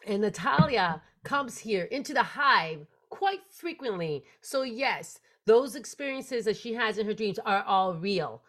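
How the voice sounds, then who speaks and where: A young woman hosts a spiritual podcast in a voice of ordinary pitch. She tells her story with animation, dropping to soft, slow asides and then rising again with bursts of energy. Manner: animated storytelling, sweeping swings in loudness and pace. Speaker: podcast host.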